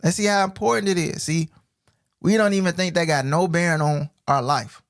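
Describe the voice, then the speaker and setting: Male scripture teacher, fairly high and gravelly, casual streamed teaching with slow readings and slang asides. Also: no echo, clean studio sound. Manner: reads verses slowly, then explains in street slang; casual, repeats 'right?' and 'bro'. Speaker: Bible teacher.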